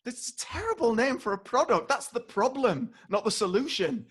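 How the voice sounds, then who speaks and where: A man's voice: very high-pitched, very animated, brisk, a bit bright, slightly rough. A man on a comedy panel, dropping dry one-liners. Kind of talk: casual comedy chat.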